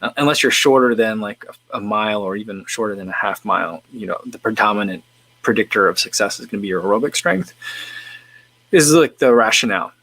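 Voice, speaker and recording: A man's voice: on the low side, lively intonation, brisk, fairly bright tone. A man hosting a casual livestream, rambling with lots of fillers and restarts while he eats and answers viewer questions. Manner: eating while talking. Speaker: livestream host.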